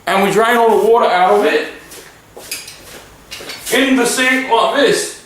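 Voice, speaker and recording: A high, sing-song voice of a childish man-child cook, as a man puts him on, explaining each step slowly and earnestly. It is recorded far from the mic in a very echoey room. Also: fairly bright tone, a little hiss or hum. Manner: slow, earnest, demonstrative kitchen-show explaining. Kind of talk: parody cooking segment.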